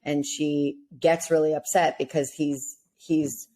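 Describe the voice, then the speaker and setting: Low-voiced woman podcast co-host. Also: little pitch movement, slow, dark tone. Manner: frequent listening murmurs, thoughtful. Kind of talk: casual chat.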